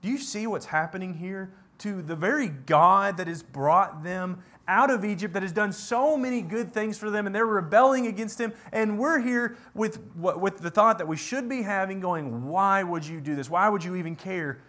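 A man with a high, light voice preaches and reads scripture aloud. He presses hard on some words, then drops to a hushed tone. His delivery is earnest and emphatic. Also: normal speed, hardly any pauses. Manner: emphatic, swings from loud to hushed. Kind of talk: sermon with scripture reading.

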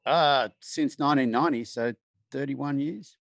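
A man in his fifties with an Australian accent, telling relaxed stories as a guest over a remote call. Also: medium pitch, moderate pace, vocal fry, no room sound, clean studio sound. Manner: laid-back storytelling. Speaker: guest, horse trainer. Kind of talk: casual conversation.

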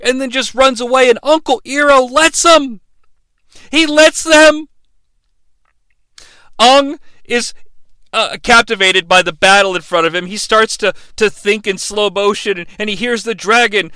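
Brief: high, bright man, sarcastic comic recap, dry close sound. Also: unhurried, clear, resonant tone, dry recording. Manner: irreverent, animated, sarcastic. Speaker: podcast host.

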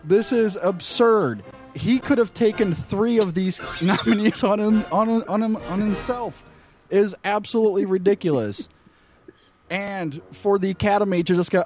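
A man's voice: high voice, moderate pace, darkish tone, soft background music. A man hosting a film podcast, ranting with heavy profanity and exasperation. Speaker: podcast host.

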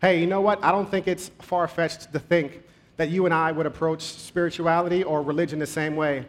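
A man preaching a sermon, telling a story conversationally with pace that speeds up and slows down. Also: a little high, fairly even intonation.

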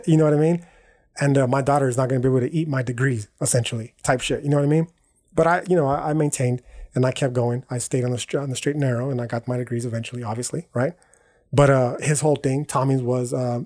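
A man's voice: medium pitch, steady tone, fast talker, darkish tone. Slangy rambling podcast host, man. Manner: profane, peppered with "right?" and "dog"; rambling, self-correcting. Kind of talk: casual slangy monologue.

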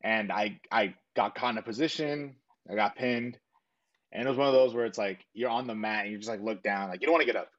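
A man's voice: fairly low pitch, brisk, a bit bright, muffled recording. A young man telling a personal story in a casual, earnest way, full of fillers and quoted back-and-forth. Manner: earnest, rambling with frequent fillers and self-quotes. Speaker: interviewee.

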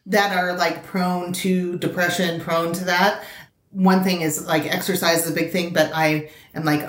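A woman's voice: lowish voice, flat delivery, measured pace. A woman chatting casually as co-host, frank and encouraging, laughing easily. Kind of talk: casual chat. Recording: echoey room.

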